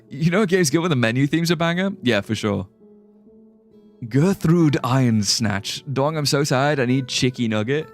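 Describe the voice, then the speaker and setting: A man streaming a game, chatting casually and greeting his viewers. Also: medium pitch. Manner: chatty, reacts to and greets chat. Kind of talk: casual live-stream chat.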